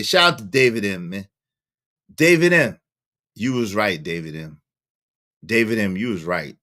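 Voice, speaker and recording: A man hosting a live stream, giving loud, animated commentary full of slang and frequent laughter. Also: mid-range voice. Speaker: livestream host.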